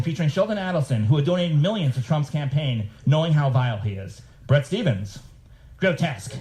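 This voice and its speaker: A man giving a live reading of his work to an audience, with sardonic asides, now and then mimicking the people he quotes in a higher voice. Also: background noise. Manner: sardonic, mimics email writers in raised voices.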